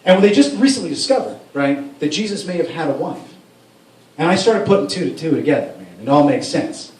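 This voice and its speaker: A man's voice: a little high, sing-song, fairly quick, darkish tone. A man doing a stand-up comedy set in a club, rambling and profane with many restarts. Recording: roomy room sound from a far mic.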